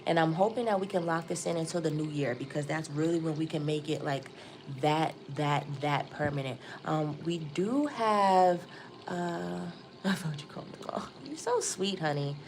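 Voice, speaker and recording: A woman doing a live tarot reading, chatty and excitable, calling her viewers y'all. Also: low-pitched, normal speed, slight background noise. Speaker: tarot reader.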